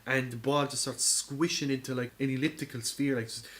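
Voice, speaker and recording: A man co-hosting a podcast in casual chat, spinning an excitable, profane story. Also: medium pitch, fairly quick. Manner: animated, excitable storytelling with lots of swearing. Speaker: podcast co-host.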